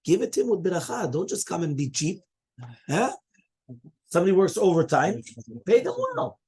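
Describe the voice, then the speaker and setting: A man teaching a Talmud class, animated and full of "okay?" and "right?", mixing Hebrew and Aramaic terms into English. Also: sits high, fairly quick, slightly rough.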